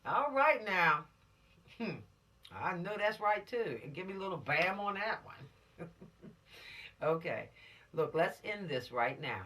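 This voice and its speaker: A woman's voice: on the low side, animated, unhurried, long pauses, fairly bright tone, recorded from a distance. Folksy woman lecturing teens. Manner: folksy, admonishing, preachy. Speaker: police officer teaching law to teens. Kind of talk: informal law lesson to teens.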